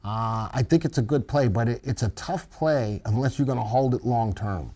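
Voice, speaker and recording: A man's voice: mid-range voice, normal speed, warm tone. A man co-hosting a live stock market show, giving commentary with playful, jokey banter. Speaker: stock market instructor co-host.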